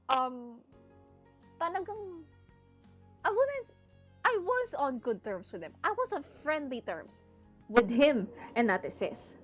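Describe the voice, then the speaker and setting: A young adult woman with a Filipino accent telling a candid personal story on her podcast, mixing English and Tagalog, swearing and laughing as she goes. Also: sits high. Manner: animated, switches between English and Tagalog, swears freely, laughs. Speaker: podcast host.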